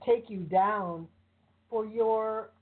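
A woman in a casual conversation, speaking supportively and pausing to search for words. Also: mid-range voice. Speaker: interviewer, co-host. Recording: narrow phone-like sound.

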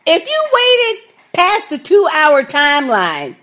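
Female co-host, high lively voice, fiery and profane, laughing through her rants. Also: takes it slowly. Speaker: podcast co-host. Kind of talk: casual TV recap chat.

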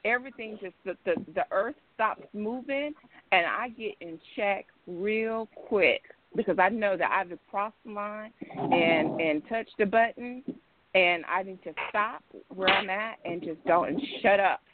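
A woman's voice: medium pitch, measured pace, no room sound. A woman calls in over a tinny phone line, talking in a casual discussion. She explains at length, emphatic and rambling, circling back and repeating herself. The room is dry and close. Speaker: caller.

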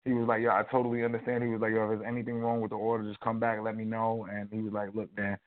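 A man co-hosting a casual talk show, telling a rambling, animated story full of fillers. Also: lowish voice, racing. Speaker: co-host. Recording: tinny phone-like audio.

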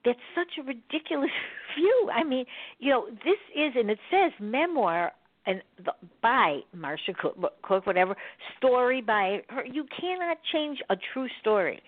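A woman's voice: fairly high pitch, expressive, normal speed, dry recording. A woman hosting a talk show, chatting casually in a rambling way and laughing often. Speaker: radio show host. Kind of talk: casual chat. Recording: phone-line audio.

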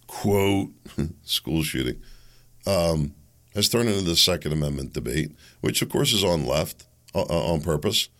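A man's voice: low voice, vocal fry, a bit bright. A man hosting a talk radio podcast, delivering a blunt, combative and sarcastic monologue.

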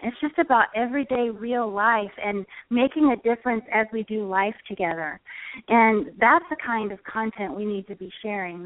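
A woman's voice: a little high, no echo. A woman guest speaks earnestly about sharing her message, with a faith-centered tone and the odd chuckle. Her voice comes through a tinny phone line with a dry sound. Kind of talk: conversational advice on a call-in show.

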